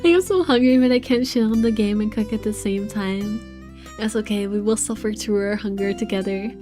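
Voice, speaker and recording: A woman's voice: medium pitch, normal speed, over music. Laughing, swearing woman streamer. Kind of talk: live game commentary and read-aloud.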